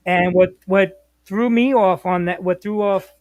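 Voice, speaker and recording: A man, a former bus operator telling stories as a podcast guest in a lively, slangy way. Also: high voice, a little slow, no echo, narrow, tinny audio. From New York, US. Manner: animated, slangy, acts out quotes. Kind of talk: casual storytelling.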